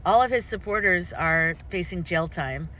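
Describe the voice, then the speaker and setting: Woman vlogger, impassioned and rambling, crisp bright tone, faint noise behind. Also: on the low side, animated, moderate pace. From United States. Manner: impassioned, rambling with frequent restarts. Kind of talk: personal opinion vlog.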